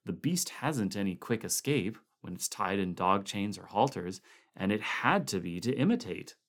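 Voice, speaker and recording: A man voicing a calm male expedition member who speaks steadily and precisely. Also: fairly low pitch, normal speed. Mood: level.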